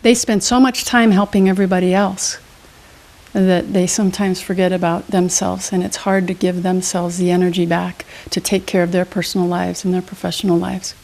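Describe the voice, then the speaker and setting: A woman's voice: on the low side, level tone, moderate pace, creaky, a little mellow. A woman motivational speaker and trainer, answering in an interview with an emphatic, teacherly manner and quiz-style questions. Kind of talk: interview guest. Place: studio.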